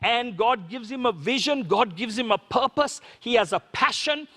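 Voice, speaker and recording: Sri pastor guy preaching, high voice, chatty sermon w lots of questions, long church hall echo. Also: lively intonation, normal speed, pushed and bright. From Sri Lanka. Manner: conversational preaching with rhetorical questions.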